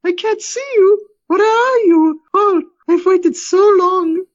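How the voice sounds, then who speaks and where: A shapeshifting creature speaks through a lost wife's face. The voice is a thin, very high falsetto, pleading and eerily serene, far above the reader's normal range. The podcast audio sounds a little muffled. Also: takes it slowly. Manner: pleading, otherworldly calm.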